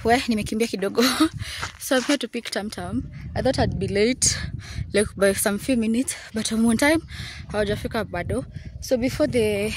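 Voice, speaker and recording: A woman's voice: on the high side, a little hiss or hum. A young Kenyan mother chatting casually in a vlog, switching between English and Swahili. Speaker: vlogger mother.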